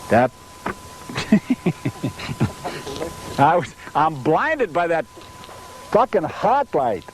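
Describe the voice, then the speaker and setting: A man's voice: fairly high pitch, big pitch swings, slow, long pauses, slight background noise, low-quality recording. A man reading an industrial film script who keeps forgetting his lines and breaks into angry, profane outbursts at the crew. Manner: profane, exasperated, cursing outbursts. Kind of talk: outtakes from a film shoot, script reading and swearing. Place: hot film set with bright lights.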